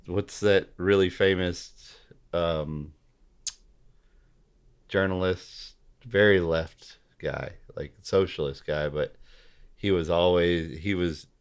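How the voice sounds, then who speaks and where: Slow, deep-voiced man musing aloud. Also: smooth. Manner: halting, repeats and restarts, gropes for names. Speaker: podcast guest. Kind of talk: casual political chat.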